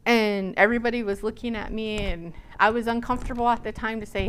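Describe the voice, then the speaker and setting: Smooth, higher-pitched woman telling a story. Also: normal speed. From Nebraska, USA. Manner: animated, acts out the dialogue she recounts. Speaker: guest lecturer. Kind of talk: personal storytelling lecture.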